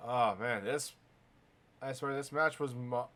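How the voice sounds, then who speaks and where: A male host calls wrestling action in a loose, casual play-by-play. He gets excited easily and swears without a second thought. He often turns to address his chat and the audience directly. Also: mid-range voice, unhurried. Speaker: wrestling commentator hosting a recap stream.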